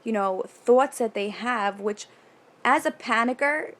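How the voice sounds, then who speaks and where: A woman's voice: on the high side, fairly bright tone. Candid young woman rambling on a vlog. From New York. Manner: rambling, candid, swears casually, quick nervous asides. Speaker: vlogger. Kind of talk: casual confessional vlog. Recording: faint background noise.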